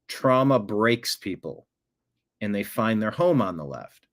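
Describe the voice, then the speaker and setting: A man's voice: on the low side, very animated, unhurried. Sarcastic man reacting to a clip. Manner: sarcastic, mocking. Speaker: commentary show host. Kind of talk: reaction commentary on a video clip.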